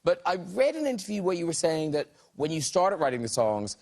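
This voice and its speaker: A man's voice: on the high side, very animated, fairly quick, darkish tone. A man with an Irish accent hosting a TV chat show, teasing and chatty with his guests in front of a studio audience. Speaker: talk show host.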